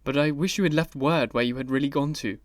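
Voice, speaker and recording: A man's voice: mid-range voice, quick pace, no room sound, lightly acted. A man reading the part of an earnest older painter in an audiobook, grave and pleading. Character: grave, anguished male painter friend.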